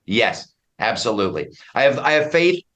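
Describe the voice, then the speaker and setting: A middle-aged American man chats as a podcast guest at a medium pitch. He is forceful and opinionated, and he circles back and repeats himself as he builds an argument. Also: sing-song, moderate pace. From United States. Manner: emphatic, opinionated, frequent restarts. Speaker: comedian and commentator guest. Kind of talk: casual podcast chat.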